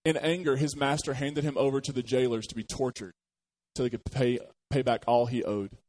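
Conversational pastor preaching a sermon. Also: male voice, mid-range voice, fairly even intonation, brisk, a little mellow. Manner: conversational, asks the congregation questions, jokes.

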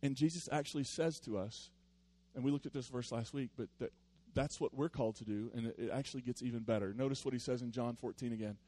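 A man preaching a sermon in a conversational, storytelling way with playful asides, moving between loud animated bursts and quiet earnest passages. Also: medium pitch, quick pace, no echo. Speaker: pastor.

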